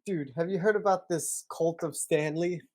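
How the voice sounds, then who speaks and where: A man's voice: on the high side, moderate pace, no echo, clean studio sound. Laid-back young man chatting on a podcast. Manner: laid-back, rambling, laughs often. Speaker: podcast co-host. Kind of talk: casual chat.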